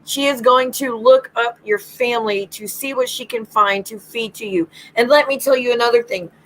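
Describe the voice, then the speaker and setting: A woman's voice: a little high, normal speed, fairly bright tone, a little hiss or hum, rough recording. A woman hosting a livestream as a psychic medium, ranting bluntly and swearing freely.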